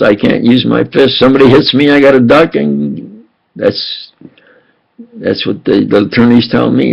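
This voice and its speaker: Gravelly old man ranting. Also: medium pitch, highs cut off. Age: 80s. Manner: aggrieved, halting, repeats himself. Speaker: self-published speaker. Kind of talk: rambling monologue to camera.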